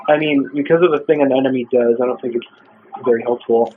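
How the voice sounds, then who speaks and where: A man co-commentating a video game, chatty and joking, quick to laugh. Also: medium pitch, fairly even intonation, a little hiss or hum. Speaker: let's play co-commentator. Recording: tinny phone-like call audio.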